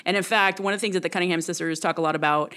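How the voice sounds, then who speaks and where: A woman's voice: fairly low pitch, very fast, smooth. A woman in casual conversation, thoughtful and affirming, often saying yep and mm-hmm. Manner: thoughtful, agreeing, steady back-channel.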